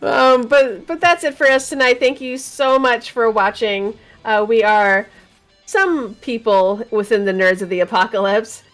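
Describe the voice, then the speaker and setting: A woman's voice: on the high side, a little slow, fairly bright tone, soft background music. A woman co-hosting a casual gaming talk show, chatty and teasing, laughing often. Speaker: podcast co-host.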